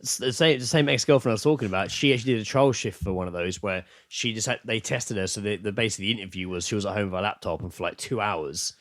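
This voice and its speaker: A man with a lowish voice speaks in a dry, close recording with no room sound. He talks casually and relaxed, telling anecdotes on a podcast. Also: fast, hardly any pauses, no echo. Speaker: podcast co-host. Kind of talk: casual chat.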